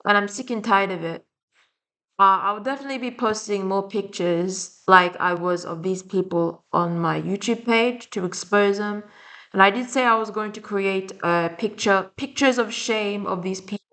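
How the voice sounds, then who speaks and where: A woman's voice: mid-range voice, moderate pace, fairly bright tone. A young adult woman with a French and Slavic accent, ranting bluntly and rambling with frequent swearing in a casual vlog. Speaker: vlogger. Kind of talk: casual rant to camera.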